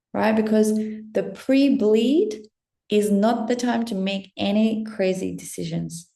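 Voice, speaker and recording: A woman's voice: medium pitch, mellow, reverberant. A woman coach giving a casual motivational pep talk, full of encouraging rhetorical questions and the odd swear word. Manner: casual, swears now and then.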